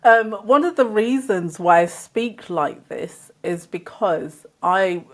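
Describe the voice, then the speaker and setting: A slow, unhurried English woman whose accent sits between London and Birmingham. She tells her stories in relaxed, casual conversation and laughs often along the way. Her voice stays mid-pitched. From England. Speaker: guest.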